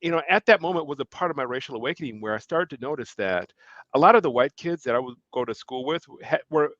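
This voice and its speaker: A middle-aged education leader and author from Milwaukee, Wisconsin, USA, tells a personal story as a guest. He speaks quickly at medium pitch, animated, acting out quoted remarks and laughing between phrases. The recording is muffled, with no room sound.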